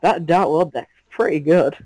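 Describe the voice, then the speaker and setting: Male opponent player, a bit higher voice, dry recording, casual, sheepish and teasing. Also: mellow, no echo, low-quality recording. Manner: sheepish, teasing, quick to laugh. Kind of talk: casual chat during an online card game.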